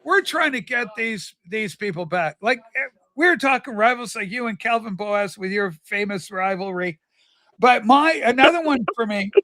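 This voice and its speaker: A man's voice: high voice, lively intonation, moderate pace, bright, forceful tone, no room sound. A man hosting a livestream in a campy, rambling chat, telling stories in a flamboyant persona. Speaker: livestream host. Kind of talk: casual chat.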